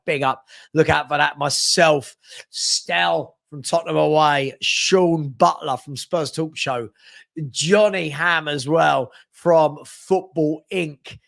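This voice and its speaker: A man hosting a live football stream, chatty and teasing as he reads viewer comments and gives shout-outs. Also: a little high, gravelly. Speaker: host of a live football transfer show.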